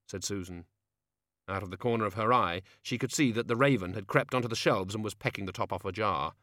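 A man narrating a story as an audiobook, steady and wry. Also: sits low, brisk, no room sound, studio quality.

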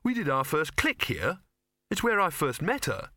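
A nervous, earnest young man with a raised, anxious way of questioning, as a narrator puts him on. His voice sits higher than the reader's own and comes across bright. It is recorded dry and close. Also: wildly swooping pitch, normal speed, dry recording, full character voice.

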